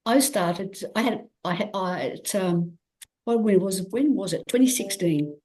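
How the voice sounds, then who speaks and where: A woman's voice: medium pitch, unhurried. A woman from Australia, a guest athlete in an interview, telling her story candidly, acting out quoted dialogue with lots of restarts. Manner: animated, acts out quoted dialogue, frequent restarts.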